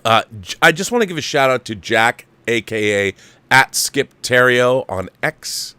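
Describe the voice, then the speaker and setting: A man's voice: mid-range voice, lively intonation, measured pace, bright, forceful tone, clear, resonant tone, no room sound. A man hosting a show, casually reading a viewer's letter aloud and breaking in with his own asides. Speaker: host reading viewer mail. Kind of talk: casual chat.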